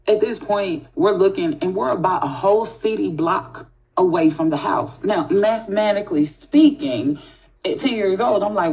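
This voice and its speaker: A woman telling a spooky childhood story in a casual, animated way, swearing freely and talking straight to her listeners. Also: medium pitch, normal speed. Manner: animated, profane, talks straight to the audience. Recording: dull lo-fi audio.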